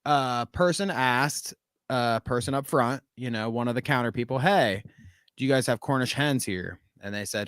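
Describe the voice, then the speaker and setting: A man chatting casually as a podcast co-host, telling animated stories with plenty of swearing and laughter. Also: mid-range voice, moderate pace, smooth, no room sound, studio quality.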